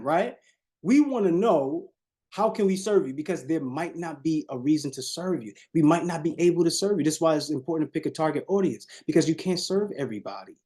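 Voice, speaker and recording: A man with leads a live sales coaching call, with a somewhat high voice and a dark, mellow tone. He preaches and repeats phrases, drops his voice low and slow for effect, and keeps turning to his listeners. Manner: preachy, repeats phrases, shifts tone on purpose, talks to audience as y'all.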